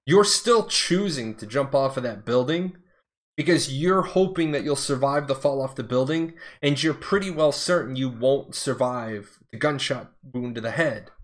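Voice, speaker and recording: A mid-range voice at normal speed belongs to a middle-aged man, formerly an Air Force officer, who tells stories casually. His delivery is blunt and profane, and he keeps drifting into digressions partway through.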